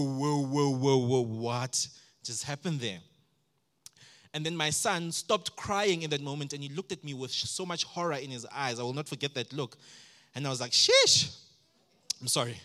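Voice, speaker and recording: A man, a pastor from South Africa, preaching a sermon and telling stories about his own life, sometimes acting out his past outbursts loudly. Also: a little high, quick pace.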